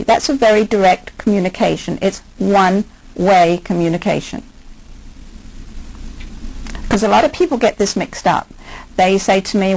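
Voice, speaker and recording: A woman's voice: lowish voice, creaky, a little mellow, husky, rough recording. An older woman, a hypnotherapist, giving a conversational lecture and asking her listeners many questions.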